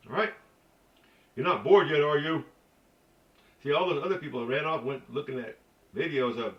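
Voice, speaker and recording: Folksy man teaching sounds in a roomy recording. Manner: folksy, chatty, demonstrates sounds repeatedly. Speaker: language teacher. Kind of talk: informal language lesson. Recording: roomy, distant, dull low-fi sound.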